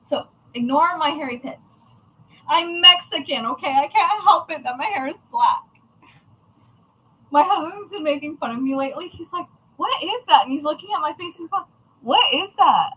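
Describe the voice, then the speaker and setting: A woman's voice: high-pitched, lively intonation, normal speed, bright, forceful tone, rough recording. A woman chatting casually on a livestream about her craft shop, chatty, profane and self-mocking.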